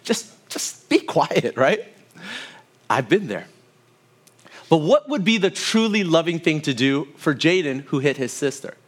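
A man's voice: on the high side, expressive, measured pace, long pauses. A man in his thirties preaching a sermon to his church, telling family stories and asking the congregation to respond. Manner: storytelling with asides to the congregation. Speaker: pastor.

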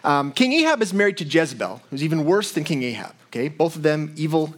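A man's voice: fairly high pitch, very animated, quick pace. A man preaching a sermon as pastor, teaching in a conversational way with frequent asides to his listeners.

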